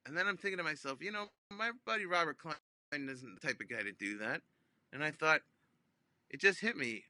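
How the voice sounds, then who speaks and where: A comedian, a man, telling a funny phone-call story in an animated way, with many ums and restarts, acting out both sides. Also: fairly high pitch, normal speed, no echo. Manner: acts out both sides of phone calls with big voice jumps. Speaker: comedian guest.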